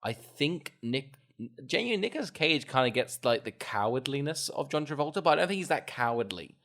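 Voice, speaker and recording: A man in casual chat as a podcast co-host, gushing about a film in a voice of middling pitch. He gets animated, swears freely and breaks into laughter often. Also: a little fast.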